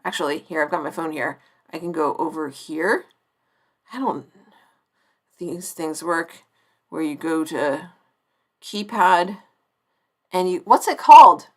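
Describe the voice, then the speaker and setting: A woman's voice: deep voice, expressive, measured pace, long pauses. A woman around forty hosting a live-stream TV review, effusive and chatty, often restarting her sentences mid-thought.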